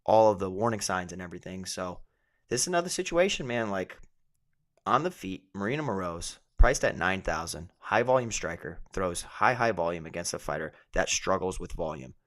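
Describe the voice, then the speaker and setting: A man, a fighter and co-host, chatting casually about fight betting in a relaxed way, thinking aloud with many asides. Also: low-pitched, normal speed. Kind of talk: casual sports betting chat.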